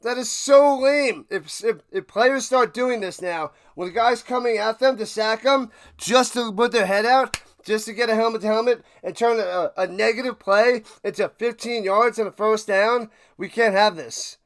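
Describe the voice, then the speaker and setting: A high-voiced man calls football plays live for his stream's watch party. He rants and repeats himself, jumping from shouted outrage to low grumbling mutters. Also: normal speed. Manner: excitable, swings from ranting shouts to low mutters; repeats himself while ranting. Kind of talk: live play-by-play and reaction commentary.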